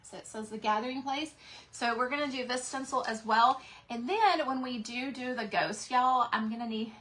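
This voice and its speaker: A woman's voice: a little high, moderate pace, a bit bright. Chatty Texan woman hosting a craft stream. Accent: Texas. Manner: chatty, greets viewers by name, many fillers. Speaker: craft livestream host. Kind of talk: casual livestream chat. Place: craft room.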